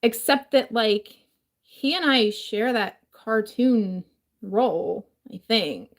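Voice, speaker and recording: This kitchen vlogger's voice is on the high side and slow, changed by a throat injury. She talks casually and rambles, with plenty of fillers and swearing.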